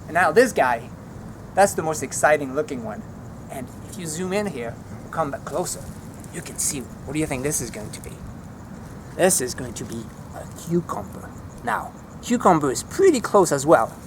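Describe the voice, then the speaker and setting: A man walking through a home vegetable garden outdoors, naming plants and teaching their French words in a relaxed, chatty way. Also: fairly high pitch, moderate pace, background noise. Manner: relaxed, chatty, easily enthused. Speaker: language teacher giving a garden tour.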